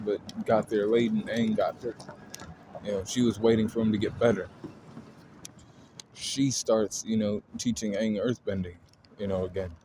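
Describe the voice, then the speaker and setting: A man's voice: lowish voice, background noise. A man casually retelling a story in a loose, rambling way, full of fillers and swearing.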